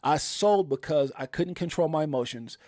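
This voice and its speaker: A man's voice: on the high side, animated, normal speed, a little mellow, no echo, studio quality. A middle-aged man hosting a casual livestream, telling a personal story with emphasis and acting out what people said. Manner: emphatic storytelling, acts out quoted exclamations. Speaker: livestream host.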